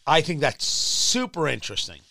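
A man's voice: fairly high pitch, huge pitch swings, moderate pace, vocal fry, bright, forceful tone, dry recording, studio quality. A man hosting political talk radio, emphatic and sarcastic, sometimes mocking other voices. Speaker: radio talk show host.

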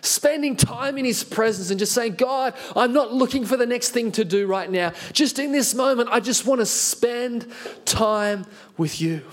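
A man preaching a sermon as pastor, earnest and animated, telling a self-deprecating story. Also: very high-pitched, normal speed.

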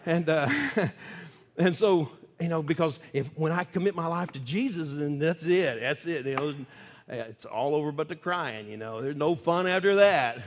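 A man's voice: a little high, normal speed, slight background noise. A man with a Texan accent, a preacher telling stories in a folksy, laughing sermon style. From Texas. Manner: folksy, laughing, animated storytelling. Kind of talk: sermon storytelling. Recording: echoey hall.

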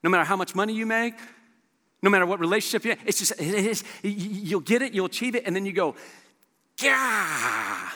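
A man in his thirties preaches in a big echoey hall. His voice sits high and sounds bright. He tells stories with energy and throws in quick quoted asides. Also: expressive. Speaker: pastor. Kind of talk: sermon. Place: church auditorium.

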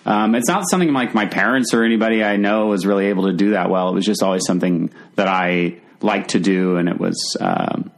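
A man's voice: sits low, a little fast, gravelly, few pauses. A man talking casually as a podcast guest, rambling with many fillers and restarts. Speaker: comedian guest.

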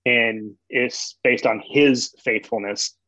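A man with a husky, slightly breathy voice talks as an interview guest, explaining faith through stories from his own family. The recording sounds dull and dry, with no room echo. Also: mid-range voice, steady tone, slow, bright, forceful tone. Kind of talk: conversational theological explanation.

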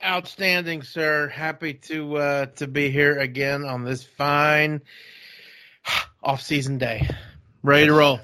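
A man co-hosting a podcast, a jokey, animated storyteller. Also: fairly high pitch, takes it slowly, clean tone, dry recording, studio quality. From Texas. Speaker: podcast co-host. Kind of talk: casual podcast chat.

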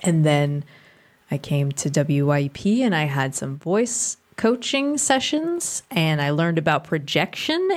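A young woman from the Boston area who works as a radio DJ, talking casually with lots of fillers and a projected voice. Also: low-pitched. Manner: chatty, many fillers, projects her voice. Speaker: radio DJ guest. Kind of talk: casual conversation.

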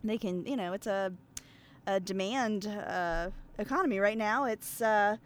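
A woman from Pennsylvania chats through a long story in a relaxed, conversational way. She is self-deprecating and fills her talk with ums and uhs. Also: medium pitch, measured pace. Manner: chatty and self-deprecating, many fillers. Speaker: guest. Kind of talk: casual storytelling.

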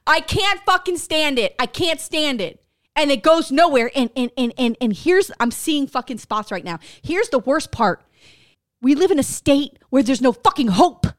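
Very high-voiced woman podcast host, angry and profane. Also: animated, moderate pace. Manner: profane, furious, shouting at times. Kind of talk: heated political rant.

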